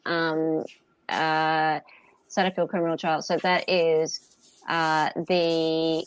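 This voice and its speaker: A woman's voice: deep voice, flat delivery, slow pace, slight background noise. A woman from Australia hosting a casual live legal-commentary stream, talking with many fillers and restarts.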